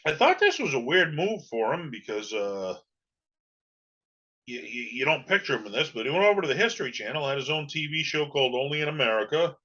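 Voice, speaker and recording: A man's voice: fairly high pitch, sing-song, fairly quick, sharp tone, highs cut off. A man from New England hosting a podcast, talking casually and rambling with many fillers. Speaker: podcast host. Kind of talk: casual solo podcast talk.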